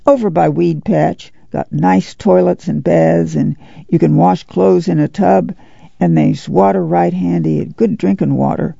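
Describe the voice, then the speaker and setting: A man voicing an excitable poor rural girl who rambles eagerly in country talk. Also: on the high side, measured pace, gravelly, breathy edge, no echo, full character voice. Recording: dull lo-fi dry audiobook recording.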